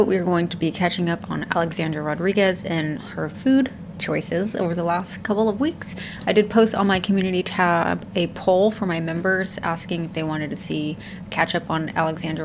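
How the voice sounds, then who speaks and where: A woman with a fairly low voice gives blunt, casual reaction commentary, swearing offhand. A steady hiss runs beneath her voice. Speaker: reaction channel host.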